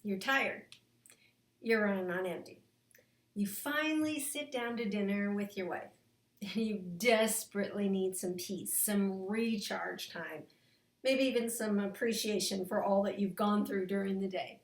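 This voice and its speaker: A woman relationship coach speaking straight to her male viewers, lively and expressive, acting out the husband's thoughts. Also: mid-range voice, measured pace, echoey room. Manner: animated, acts out the husband's inner voice with laughs. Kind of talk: direct-to-camera coaching talk.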